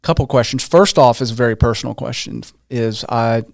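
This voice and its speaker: A man hosting a podcast at an ordinary pitch works through loose, rambling questions, circling back and filling the gaps with ums and likes. His voice is close and dry, with no room around it. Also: fairly quick, creaky, a little mellow, dry recording. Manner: casual, rambling questions with fillers. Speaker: podcast host. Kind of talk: conversational podcast interview.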